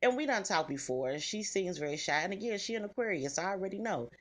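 A woman's voice: mid-range voice, animated, fast, a bit bright. A middle-aged woman, telling stories to her listeners in a blunt, salty way with plenty of cussing. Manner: blunt, salty, cusses freely, talks straight to listeners. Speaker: podcast host. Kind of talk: casual storytelling chat.

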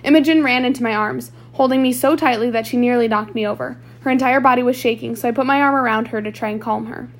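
A woman's voice: on the high side, fast, hardly any pauses. A woman reading a novel aloud chapter by chapter, with small slips and restarts. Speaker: audiobook reader.

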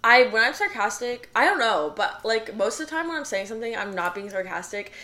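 A young woman chatting casually with friends, rambling and repeating catchphrases in a flat, even delivery. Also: a little high, fairly quick. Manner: rambling, repeats catchphrases, self-described monotone. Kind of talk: casual chat among friends.

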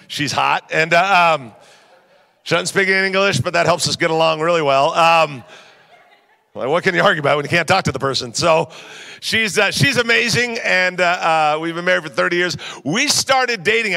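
A man's voice: a little high, moderate pace, creaky. A man, an upbeat pastor joking through a sermon in a church hall. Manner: upbeat, joking, lively storytelling.

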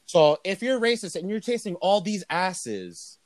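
High-voiced young man, profane joking podcast chat. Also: very animated, slow, dry recording. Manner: loose, profane, joking rants. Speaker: podcast co-host. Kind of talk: casual crude podcast chat.

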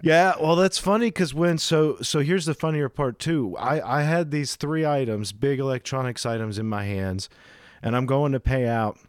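A man's voice: medium pitch, normal speed, smooth, no room sound, clean studio sound. Man rambling through a shop story. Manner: rambling anecdotes with acted-out quotes. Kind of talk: casual chat, storytelling.

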